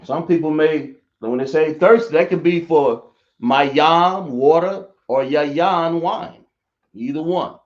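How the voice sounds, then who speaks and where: A man teaching a language lesson, speaking slowly and often checking whether his listeners understand. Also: on the high side. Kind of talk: classroom lesson. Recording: echoey room, dull lo-fi sound.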